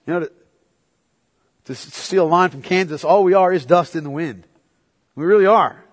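A man preaching a sermon as pastor, swinging between quiet, low reflection and loud, excited exhortation. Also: moderate pace. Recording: long hall reverb.

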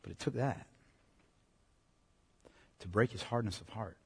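Male pastor, husky, earnest sermon delivery, long church-hall reverb. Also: on the low side, a little slow. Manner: earnest, emphatic preaching to parents.

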